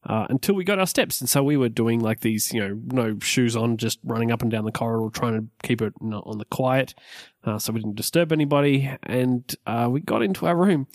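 A man's voice: mid-range voice, fairly quick, no room sound, studio quality. A young man co-hosting a podcast, telling stories in a rambling, self-deprecating way. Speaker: podcast co-host. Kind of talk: casual chat.

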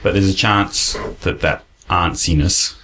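A man's voice: low voice, steady tone, unhurried, a crowd in the background. A man with a South Australian accent hosting a casual podcast chat. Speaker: podcast host.

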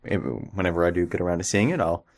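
A man co-hosting a casual podcast, hesitant at first, then talking quickly. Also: sits low. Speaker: podcast co-host.

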